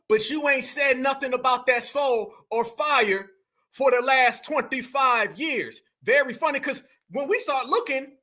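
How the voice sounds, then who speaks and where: A man's voice: extremely high pitch, a little slow, bright, forceful tone. A man with hosting heated reaction commentary, combative and mocking, full of slang and rhetorical questions. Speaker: commentary host.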